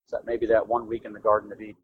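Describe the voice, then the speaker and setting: A man's voice: lowish voice, very fast, slightly rough, no echo, phone-quality sound. A man from Florida, a singer-songwriter guest, telling a story earnestly in a casual interview. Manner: earnest storyteller, lively emphasis.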